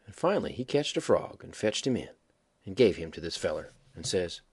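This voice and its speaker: Husky man spinning a folksy yarn. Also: deep voice, big pitch swings, a little fast. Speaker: audiobook reader. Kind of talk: folksy storytelling narration.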